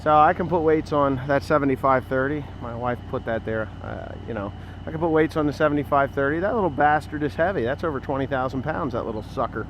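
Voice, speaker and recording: A man's voice: medium pitch, fast talker, slight background noise. Rambling, dryly sarcastic farmer in his fifties. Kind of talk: casual farm vlog talking to camera. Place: outdoors on a farm among tractors and equipment.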